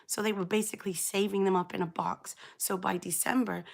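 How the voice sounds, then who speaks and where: Croaky, chatty middle-aged woman. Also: mid-range voice, a little fast, few pauses. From England. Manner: chatty, rambling, greets viewers by name. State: hoarse, croaky after illness. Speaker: knitting channel host. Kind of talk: casual live-stream chat.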